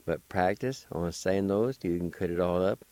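Man, very deep voice, slow and patient, spells syllables one by one, dry studio sound. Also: a little mellow, no echo. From United States. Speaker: radio host teaching Cherokee words. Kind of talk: slow spelled-out language lesson.

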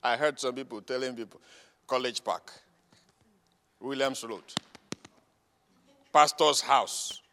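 A man preaching a sermon as the pastor, swinging between shouting and low, quiet remarks. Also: slow pace, gravelly, pauses often, noisy background. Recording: long reverb of a large hall.

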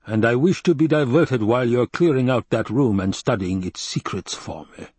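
Man doing a cold scheming baron, husky, low and drawn-out, dry recording. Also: darkish tone, no echo, natural voice. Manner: slow, low, cold and calculating. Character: scheming, gluttonous male baron, cold and wary. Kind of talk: audiobook character reading.

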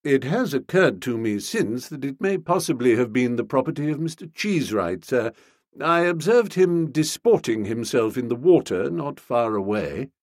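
A man lowers his voice into a solemn, unflappable manservant who murmurs every reply with grave deference, as in a storybook read aloud. The tone is husky and breathy, and the voice sits close and dry with no room around it. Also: animated, normal speed, dry recording. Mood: deferential. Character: solemn, unflappable male valet of middle age.

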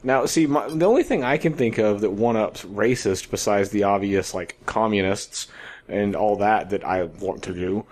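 A man co-hosting a casual podcast chat, laughing often and building absurd scenarios with lively storytelling. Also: fairly low pitch, moderate pace. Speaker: podcast co-host.

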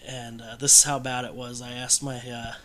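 A man's voice: medium pitch, little pitch movement, normal speed, bright, forceful tone, slight background noise. A man telling his own story in casual conversation, candid and rambling, with many fillers and restarts.

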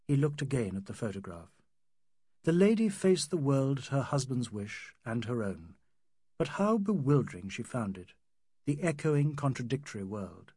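A man narrating a novel as an audiobook in an expressive, varied manner. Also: medium pitch, moderate pace, slightly rough, dry recording, clean studio sound.

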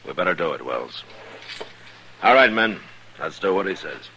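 An actor playing a calm, firm frontier marshal in a 1950s radio western. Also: male voice, low-pitched, normal speed, slight background noise. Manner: firm, level, commanding.

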